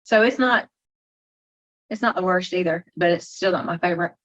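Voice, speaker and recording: A woman, a podcast guest who talks in a homey, expressive way with folksy sayings. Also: on the low side, normal speed, muffled recording. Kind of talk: casual chat, taste-testing.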